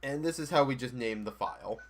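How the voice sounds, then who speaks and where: A man's voice: medium pitch, brisk, a little hiss or hum. A man giving casual let's-play commentary in an offhand, joking way. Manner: offhand, laughing and swearing. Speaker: gaming streamer.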